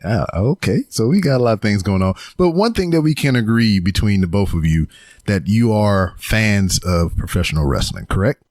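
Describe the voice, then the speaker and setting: Chill podcast host guy, lowish voice, lots of you knows, dry sound. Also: lively intonation, moderate pace, darkish tone, no room sound. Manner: laid-back, loose, filler-heavy. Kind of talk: casual podcast chat.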